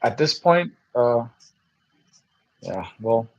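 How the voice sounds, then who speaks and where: A man hosting a podcast in a relaxed, easygoing casual chat. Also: medium pitch, extremely slow, lo-fi sound. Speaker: podcast host.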